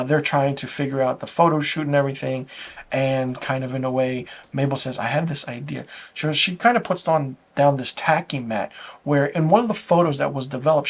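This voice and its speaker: A man reviewing a TV episode, retelling the plot in a loose, rambling way with restarts and little chuckles. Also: mid-range voice. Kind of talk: casual plot recap.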